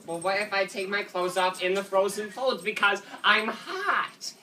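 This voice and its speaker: A man's voice: sits high, a little slow, bright, forceful tone, exaggerated voice. A man doing a fussy indignant father on a prank call. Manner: rambling, indignant, keeps saying sir. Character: fussy indignant father complaining to a store manager. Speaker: prank caller. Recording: distant mic with faint noise.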